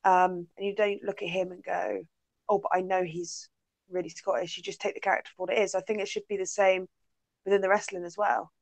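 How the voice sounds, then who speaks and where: A woman joining a podcast chat who talks in a chatty way and sometimes pauses to search for a word. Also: medium pitch, level tone, vocal fry, no echo. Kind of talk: casual chat.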